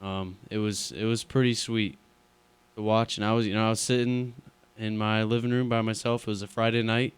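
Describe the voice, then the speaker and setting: A young man with a fairly low, smooth voice talks sports on a radio show. He is laid-back and hesitant, padding his telling with "you know" and "um". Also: level tone, fairly quick. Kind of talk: casual sports chat.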